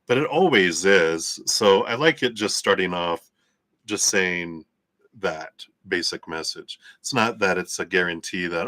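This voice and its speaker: Man, lowish voice, bright and forceful, chatty live-stream tarot reader, laughs often, dry close sound. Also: measured pace, no room sound.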